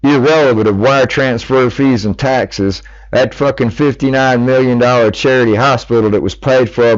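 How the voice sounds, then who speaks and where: A man's voice: medium pitch, dry recording. A middle-aged American man, delivering a heated, profane monologue as a public appeal. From United States. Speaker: speaker making a public appeal. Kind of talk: angry monologue. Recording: dull lo-fi recording.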